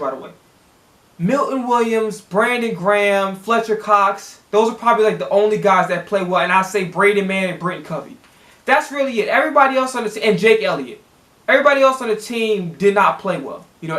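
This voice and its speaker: A fan from Chicago rants about football straight to his camera, blunt, profane and heated. His voice sits high for a man and keeps tripping over restarts. The room around him rings with echo. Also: a bit bright. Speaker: sports vlogger. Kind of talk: profane casual sports rant to camera. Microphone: camera in a home setup.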